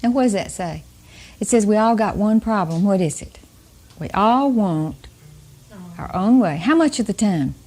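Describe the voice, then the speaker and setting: A woman's voice: mid-range voice, lively intonation, normal speed, pauses often, darkish tone. An older woman giving a chatty Bible teaching on parenting, often laughing and putting questions to her listeners. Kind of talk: folksy Bible teaching talk.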